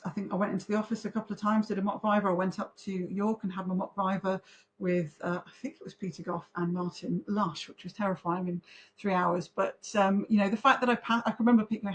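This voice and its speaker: A woman in her forties, a podcast guest, telling her story in a chatty, animated way. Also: mid-range voice, brisk, dull audio. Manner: chatty, animated, talks in long run-on recollections. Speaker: podcast guest, pharmaceutical trainer. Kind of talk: conversational interview storytelling.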